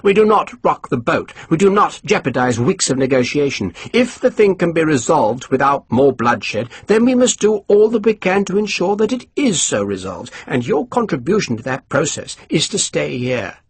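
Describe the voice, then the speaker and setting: A man's voice: a little high, very animated, moderate pace, hardly any pauses, slightly rough, dry recording, pitched above the performer's own voice, heavily acted. A man voicing a pompous, condescending army colonel who turns irritable, read for an audiobook. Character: pompous, snappish middle-aged male army colonel.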